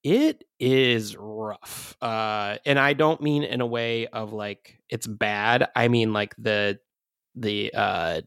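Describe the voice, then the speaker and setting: Taking things slowly, this podcast co-host speaks in a lowish, steady voice with a fairly bright, clear and resonant tone. He chats casually, rambling with many fillers and laughing often, recorded in clean studio sound with no room sound.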